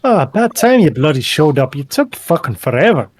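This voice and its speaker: A man voicing a gruff, impatient woman who swears bluntly, in a tabletop game. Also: on the high side, big pitch swings, fairly quick, voice pushed up. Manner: brusque, cursing, flustered.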